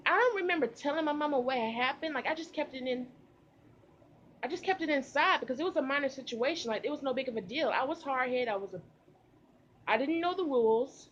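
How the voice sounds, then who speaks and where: A young woman vlogger recording outdoors, telling a casual storytime with animated delivery and slang. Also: sits high, dull audio, slight background noise. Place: outdoors in humid heat.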